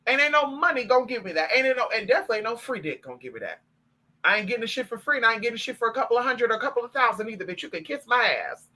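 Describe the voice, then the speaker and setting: A high-voiced man talks on a live stream in a sassy, emphatic and profane way. His tone is bright and sharp, and he chats with his viewers in a spiritual practitioner's role. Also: animated, rapid-fire, low-quality recording.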